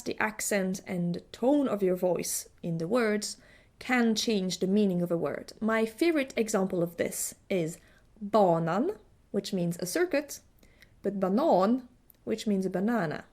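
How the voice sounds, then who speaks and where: A woman giving a language lesson, slowly and carefully demonstrating pronunciation; Swedish is not her first language. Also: medium pitch, lively intonation, darkish tone. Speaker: folk music teacher.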